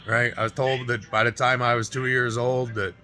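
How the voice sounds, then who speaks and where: A man's voice: medium pitch, level tone, normal speed, pushed and bright, rough recording. Emotional, profane man in his forties. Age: 40s. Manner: raw, profane, keeps adding "right?" and "you know?". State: emotional, near tears. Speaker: fitness vlogger. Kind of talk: personal storytelling to camera. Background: music.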